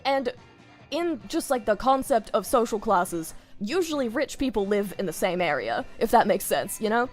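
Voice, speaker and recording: A woman's voice: medium pitch, big pitch swings, normal speed, soft background music. A woman with an Australian accent chatting casually on a stream, giggling often and rambling off on tangents.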